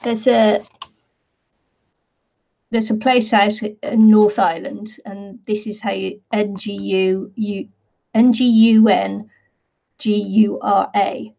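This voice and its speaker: A woman's voice: medium pitch, level tone, takes it slowly, creaky, long pauses, dark tone, dull audio. A British woman chatting casually while crafting, rambling and laughing often at her own stories. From Britain. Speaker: craft vlogger.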